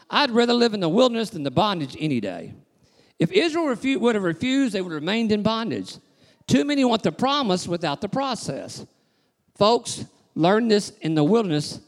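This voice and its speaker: A male pastor preaching a sermon to his congregation, emphatic and rhythmic, with frequent call-outs to the crowd. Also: high voice. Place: church sanctuary. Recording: long reverb of a large church hall.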